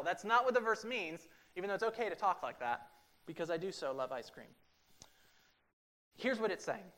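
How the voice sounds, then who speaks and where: A pastor preaching a sermon to a congregation in a church room. He swings between loud, emphatic lines and quiet, drawn-out passages. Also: high voice, expressive. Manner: acts out quoted everyday talk for illustration.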